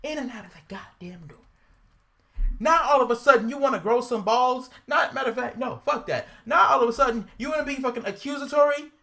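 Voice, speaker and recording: A podcast co-host launches into a heated, casual rant, swearing, repeating herself, and growing more indignant. Her voice is high-pitched and sharp, with vocal fry and a brisk pace.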